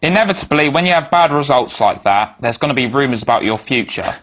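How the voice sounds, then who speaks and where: A man's voice: mid-range voice, expressive, fast, a bit bright. A man voicing a probing male sports press interviewer who asks matter-of-fact questions.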